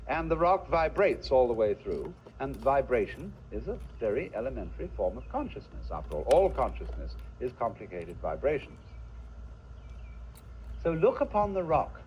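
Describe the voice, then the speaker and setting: A man's voice: mid-range voice, sing-song, moderate pace, a little hiss or hum. A man giving a philosophical lecture in a musing way, asking the listener rhetorical questions, heard from a dull lo-fi archival recording.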